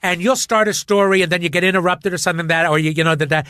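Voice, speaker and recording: A middle-aged man telling stories in a rambling, excitable way as a podcast guest. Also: sits high, very fast, few pauses, clear, resonant tone, no echo, clean studio sound. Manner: rambling, excitable, shouts out quoted lines. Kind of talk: casual chat, storytelling.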